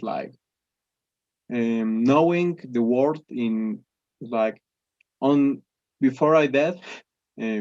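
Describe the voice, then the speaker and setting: A man's voice: medium pitch, a little mellow, dry recording, dull audio. Hesitant Spanish-speaking young man. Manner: hesitant, many restarts and fillers. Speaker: English student. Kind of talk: conversation practice.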